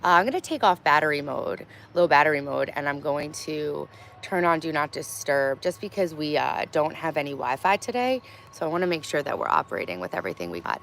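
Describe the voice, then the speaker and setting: A woman's voice: deep voice, lively intonation, a little fast, creaky, fairly bright tone, slight background noise. Blunt, chatty woman livestreaming. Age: 30s. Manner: chatty, blunt, swears freely. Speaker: livestream host. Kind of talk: casual livestream chat reading comments. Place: outdoors in her garden.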